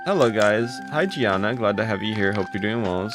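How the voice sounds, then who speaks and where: A young man streaming live, greeting his chat and thanking viewers for gifts, with his voice jumping high when he gets excited. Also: a little fast. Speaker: livestreamer. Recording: music playing behind.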